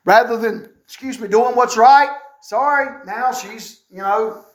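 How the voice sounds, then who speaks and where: High-voiced pastor preaching. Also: male voice, moderate pace. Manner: folksy, animated preaching with wry asides. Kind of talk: sermon. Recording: echoey room sound.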